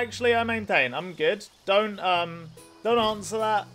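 A man's voice: sits high, normal speed, fairly bright tone, soft background music. A young man with a nasal voice streaming a video game, chatting casually with his chat, swearing freely and rambling while he plays. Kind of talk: casual let's play commentary with chat.

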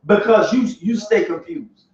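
A man's voice: high-pitched, normal speed, slight background noise. A man preaching at a Bible study in a colloquial, emphatic style, often laughing as he makes his points. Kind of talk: sermon. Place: church room. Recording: echoey distant lo-fi church recording.

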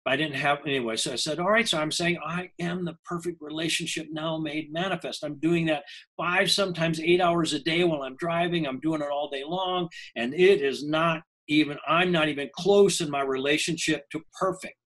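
An older man in a conversational interview speaks as a language coach recounting a personal experience. His voice sits a little higher than most men's. He talks earnestly, stopping and restarting phrases as his thoughts catch up. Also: fairly even intonation, normal speed, a bit bright, rough recording. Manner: earnest, self-interrupting storyteller.

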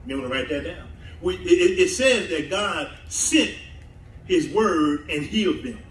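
A man's voice: on the high side, expressive, measured pace, fairly bright tone, a little hiss or hum. A man preaching a sermon as pastor, laughing often and drawing call-and-response from the congregation. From southern United States. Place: church sanctuary. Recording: echoey church hall mic from a distance.

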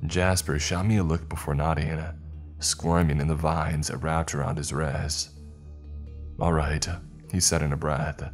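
A man narrating a horror story in a measured, ominous way. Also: very deep voice, flat delivery, faint music behind.

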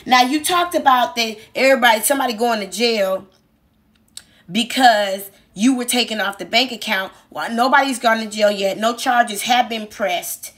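A woman's voice: fairly high pitch, moderate pace, fairly bright tone. A woman commentator mocking a speaker in a teacherly, sarcastic way. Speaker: online commentator.

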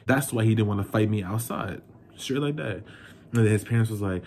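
This young New York vlogger tells his breakup story as a brisk, emotional, indignant rant directed at the viewer. The pitch is fairly low and a little mellow, with some slight background noise.

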